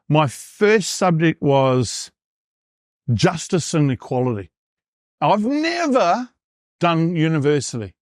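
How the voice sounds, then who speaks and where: A man's voice: on the high side, no echo, clean studio sound. A New Zealand man in his fifties, a performance coach telling his story in an interview and acting out his past thoughts. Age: 50s.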